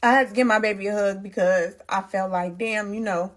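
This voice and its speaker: A woman's voice: mid-range voice, normal speed, few pauses. Woman, pregnant, storytime vlog, emphatic, talks to viewers, repeats for emphasis. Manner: emphatic, repeats phrases for stress.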